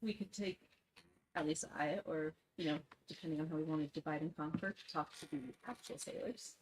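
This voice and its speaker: A woman's voice: sits low, fairly quick, a little mellow, a little hiss or hum, poor audio. A woman player at a tabletop game, talking casually and laughing with the group.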